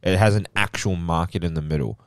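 A young Australian man telling stories in casual podcast chat, animated and full of swearing. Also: sits low, a little fast, smooth, no room sound, clean studio sound. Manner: animated storytelling, heavy swearing. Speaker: podcast co-host.

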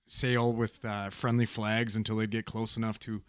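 A man's voice: on the low side, level tone, moderate pace, clean tone, no room sound, studio quality. A man on a podcast asking questions in a loose, casual way, swearing freely. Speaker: podcast co-host.

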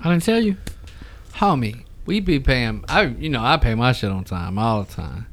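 A man in his thirties chatting as a podcast co-host, loose and profane, quick to crack a joke at his own expense. His voice sits at an ordinary middle pitch. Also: animated, slight background noise. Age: 30s. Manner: profane, laughing, self-mocking. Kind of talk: casual chat.

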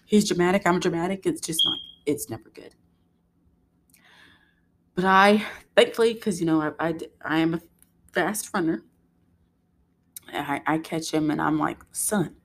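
A young adult woman, a mother, telling a story in a casual, animated way and acting out what people said. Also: lowish voice, normal speed, pauses often. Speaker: vlogger, mother.

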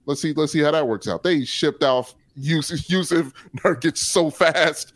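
A man co-hosting a sports podcast, rambling excitedly about basketball in casual chat. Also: fairly high pitch, normal speed, few pauses, dry recording. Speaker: podcast co-host.

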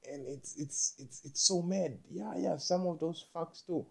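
A young man talking in a rambling monologue, halting and repeating himself, with frequent swearing. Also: on the high side, gravelly.

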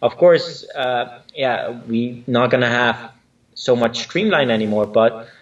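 A man's voice: mid-range voice, a little slow, far from the mic, dull audio. Man with a mixed Spanish-Dutch accent. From Spain. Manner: searching for words with many fillers. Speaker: guest choreographer. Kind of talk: casual interview chat.

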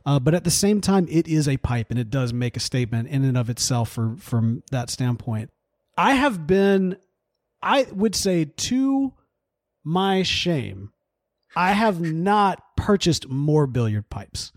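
A man co-hosting a podcast, talking in a relaxed way with lots of fillers and frequent laughter. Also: on the high side, unhurried, dry recording, studio quality. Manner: easygoing, laughs often, many fillers. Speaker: podcast co-host. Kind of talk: casual chat.

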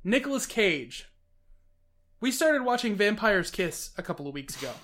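A man hosting a casual chat about films, talking in an animated, rambling way with frequent restarts. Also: high-pitched, normal speed. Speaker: podcast host reviewing films.

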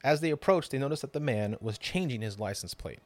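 A man's voice: medium pitch, animated, fast talker, a little mellow, dry recording. A man hosting a podcast, narrating a true crime story with drama and casual swearing. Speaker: podcast host.

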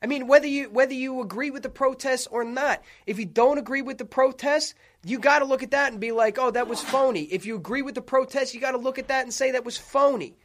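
High-pitched dude on sports radio going off, swearing, fired up. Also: male voice. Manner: profane, fired-up, rapid ranting. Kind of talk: heated sports talk radio rant.

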